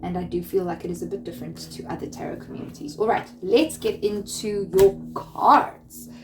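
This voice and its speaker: Gentle soothing woman reading tarot. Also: mid-range voice, moderate pace. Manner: gentle, soothing, restarts often. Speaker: tarot reader.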